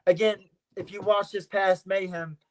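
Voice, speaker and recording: A man with a notably high speaking voice guests on a podcast as a wrestler. He talks trash with cocky confidence, hammering the same points again and again. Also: flat delivery, moderate pace. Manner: boastful trash talk, repeats his points. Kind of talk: casual podcast interview.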